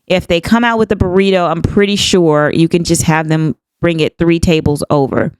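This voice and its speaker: A woman's voice: on the low side, fairly even intonation, normal speed, darkish tone, clear, resonant tone, no room sound. A woman in her fifties, a podcast host, candidly retelling a personal story and acting out both sides of the dialogue. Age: 50s.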